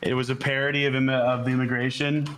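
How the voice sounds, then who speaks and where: A man's voice: medium pitch, little pitch movement, fast talker, a bit bright, slight background noise. A laid-back man from Florida, an actor guest on a podcast who tells stories and swears freely while chatting casually during a game.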